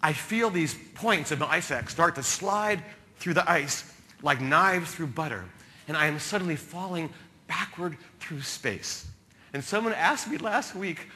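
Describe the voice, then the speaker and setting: A man from New Jersey telling comic adventure stories as a keynote speaker, with sudden loud bursts. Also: on the high side, expressive, a little slow. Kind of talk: storytelling keynote speech.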